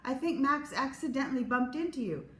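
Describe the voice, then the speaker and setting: A woman reads as a patient schoolteacher, calm but firm, with a fairly high voice. The room is echoey with a faint hum. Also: a little fast. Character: patient first-grade woman teacher.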